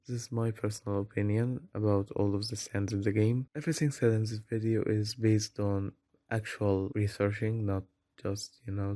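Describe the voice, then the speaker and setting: Man, low mellow voice, monotone, game tier-list commentary, dry close mic. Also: no room sound. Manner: self-deprecating, apologetic asides. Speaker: gaming video creator.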